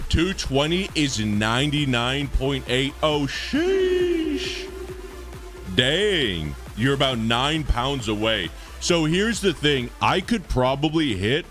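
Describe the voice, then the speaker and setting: Animated, joking man streaming live. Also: fairly low pitch. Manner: animated, joking, bursts into exclamations. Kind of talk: casual live-stream chat with viewers. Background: faint music playing.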